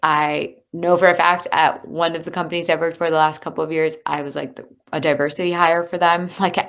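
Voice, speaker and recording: A woman leadership coach from the United States, guesting in a conversational interview, speaks a little fast in a low, level, fairly bright voice. Her manner is candid and earnest, with plenty of fillers.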